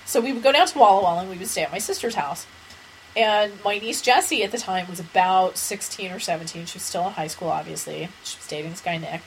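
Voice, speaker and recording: A woman's voice: lowish voice, fast, poor audio. A woman co-hosting a podcast in casual chat, telling long rambling stories and laughing as she goes. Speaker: podcast co-host. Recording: faint background noise.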